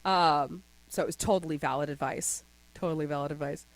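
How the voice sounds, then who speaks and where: A woman's voice: low-pitched, fairly quick, dry recording. A young adult woman as a podcast guest, telling stories in casual chat and slipping into voices now and then. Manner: animated storyteller, slips into voices.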